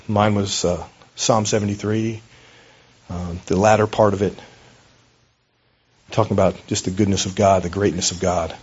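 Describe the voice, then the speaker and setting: A man delivers a sermon in a relaxed, storytelling way, with small hesitations along the way. His voice sits low and sounds a little husky. The recording is dull and lo-fi. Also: moderate pace, pauses often. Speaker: pastor.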